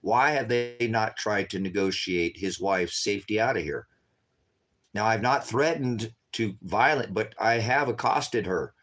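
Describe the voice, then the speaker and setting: A weary man with a fairly low voice speaks to his viewers over a livestream. He talks urgently and keeps repeating himself, calling out "guys" again and again, and sounds worn out from a sleepless night. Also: a little slow, fairly bright tone. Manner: urgent and repetitive, constantly addressing viewers as guys. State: tired, staying up all night. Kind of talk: unscripted livestream talk to viewers.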